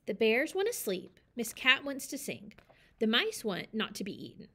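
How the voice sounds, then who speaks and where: A woman's voice: fairly high pitch, big pitch swings, moderate pace, bright, forceful tone, full character voice. A woman doing a fussy, fed-up old owl. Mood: exasperated. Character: fussy male owl, landlord-like and weary.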